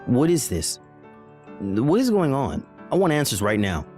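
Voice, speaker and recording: A man acts out a bewildered husband in a text-message story drama. His voice is mid-pitched and swings widely as he fires off alarmed questions. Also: sing-song, unhurried, a little mellow, faint music behind. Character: bewildered husband, pleading and confused.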